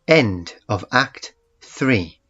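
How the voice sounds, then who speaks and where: A man narrating a first-person story in a slow, measured storytelling manner. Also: mid-range voice, animated, bright, forceful tone, slightly rough. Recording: muffled lo-fi recording with faint music.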